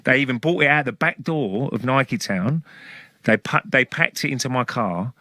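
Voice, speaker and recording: A man's voice: medium pitch, lively intonation, moderate pace, sharp tone, no echo, studio quality. A middle-aged man, casually telling anecdotes and laughing between stories. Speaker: former footballer telling stories.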